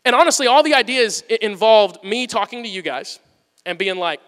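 A man preaching a sermon as pastor, telling a story with lively swings from loud excitement to hushed, earnest asides. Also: high voice, normal speed, smooth. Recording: long hall reverb.

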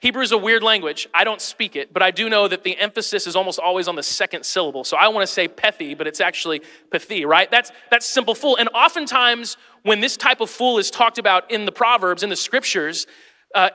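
High, bright-voiced pastor preaching. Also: male voice, quick pace, in a large hall. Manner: lively, joking, talks straight to the congregation. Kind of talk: sermon.

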